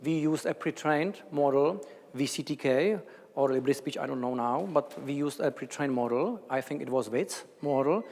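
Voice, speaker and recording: Guy lecturer, mid pitch, stop-start answers, big echoey hall. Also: darkish tone. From Czech Republic. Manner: halting, thinking aloud with many restarts. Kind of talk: answering questions after a lecture. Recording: lecture hall with long reverb.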